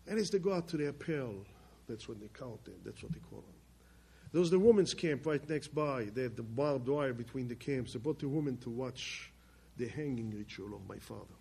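Husky man telling a story with emphasis. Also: expressive, normal speed. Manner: emphatic, swings between loud bursts and quiet low passages; plainspoken, with restarts and loose grammar. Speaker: speaker telling his life story. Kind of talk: personal storytelling talk.

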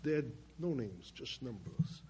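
Husky man telling a story with emphasis. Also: animated, measured pace. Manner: emphatic, swings between loud bursts and quiet low passages; plainspoken, with restarts and loose grammar. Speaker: speaker telling his life story. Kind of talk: personal storytelling talk.

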